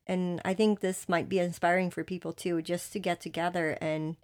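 A woman's voice: on the low side, flat delivery, normal speed, darkish tone. A woman co-hosting a podcast in casual chat, a supportive listener who affirms often. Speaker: podcast co-host.

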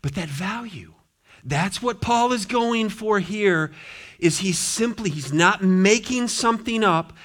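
A middle-aged man preaching a sermon as pastor, impassioned, swinging between loud appeals and quiet, low asides. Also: lively intonation, slow. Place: church sanctuary.

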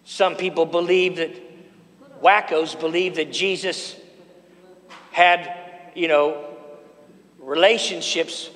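Slow and steady, with frequent pauses, a pastor with a slightly high, somewhat bright voice leads his congregation in call-and-response during a sermon. The church sanctuary adds a long hall reverb.

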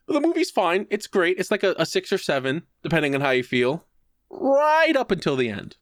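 Man, podcast co-host, fairly high voice, dry close sound; casual, swearing storyteller who acts out the quotes. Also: a little fast, no room sound. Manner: animated, profane storytelling. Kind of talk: casual chat.

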